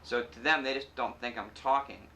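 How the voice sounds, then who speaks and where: Bright-voiced man who stutters, candid. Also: mid-range voice, moderate pace, vocal fry, slight background noise. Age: 30s. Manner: candid, reflective, with stutter blocks and repeated sounds. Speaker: actor telling his story. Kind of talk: personal interview testimony.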